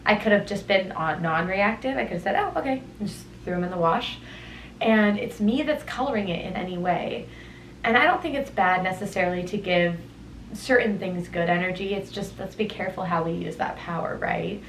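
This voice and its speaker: A woman's voice: medium pitch, brisk, fairly bright tone, echoey room, slight background noise, low-quality recording. A young woman hosting a solo podcast, talking through her thoughts in a reflective, meandering way, wandering into tangents. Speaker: podcast host. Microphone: headphones on, studio-style mic.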